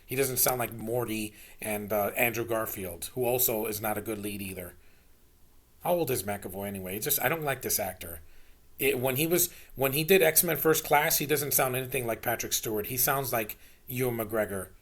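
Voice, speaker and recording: Gravelly man ranting about a movie. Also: mid-range voice, normal speed. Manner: blunt, exasperated, swears, frequent restarts. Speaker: movie reviewer. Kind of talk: casual ranting film review.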